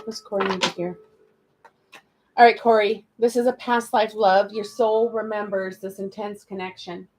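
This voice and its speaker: A woman's voice: medium pitch, steady tone, moderate pace, background noise. A woman giving live-stream spiritual card readings, chatty and calling viewers darling and sweetie. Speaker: spiritual reader.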